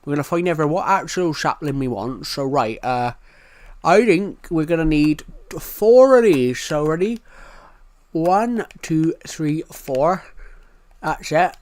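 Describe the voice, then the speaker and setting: A man's voice: fairly high pitch, lively intonation, takes it slowly, a little mellow. A young British man streaming a game live, rambling and repeating himself as he narrates each move. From United Kingdom. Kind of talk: live gameplay commentary.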